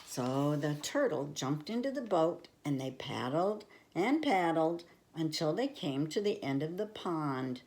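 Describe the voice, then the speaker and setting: An older woman reading a storybook aloud to children, affectionate and expressive. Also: low voice, measured pace, few pauses.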